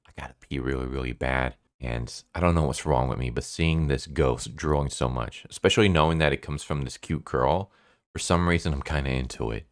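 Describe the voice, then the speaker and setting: Casting: a man putting on a weepy teen boy exorcist, timid and whiny, very deep voice, dry sound. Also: fairly quick, dry recording. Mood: embarrassed. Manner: whiny, self-pitying.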